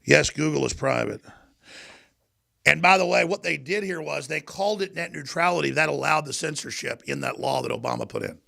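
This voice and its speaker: A man hosting a talk show, delivering a heated political monologue in a ranting, forceful way. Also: fairly high pitch, brisk, creaky. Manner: ranting, forceful, with mocking put-on voices in quotes.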